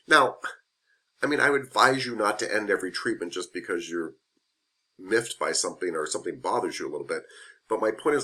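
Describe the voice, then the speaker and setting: A man's voice: lowish voice, sharp tone. A man teaching a massage therapy class in a classroom, speaking frankly and conversationally and repeating his key points. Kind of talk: classroom lecture.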